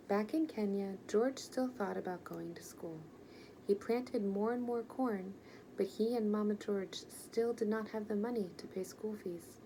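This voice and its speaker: A woman reads a children's storybook aloud in a gentle, expressive way. Her voice is mellow and darker in tone, with a slightly gravelly edge. Her pitch sits in the middle. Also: measured pace, a little hiss or hum, low-quality recording. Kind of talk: reading a children's picture book aloud.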